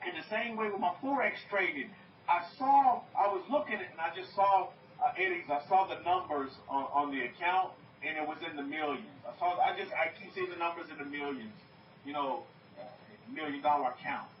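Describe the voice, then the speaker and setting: A man giving informal congregational teaching, animated, repeating phrases and asking his listeners questions. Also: a little high, fairly quick, slight background noise. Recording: roomy, distant, dull.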